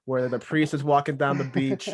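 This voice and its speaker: A man's voice: mid-range voice, little pitch movement, moderate pace. Effusive stumbling man hosting a podcast. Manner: effusive, stumbling, self-correcting. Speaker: podcast host. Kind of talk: casual interview chat.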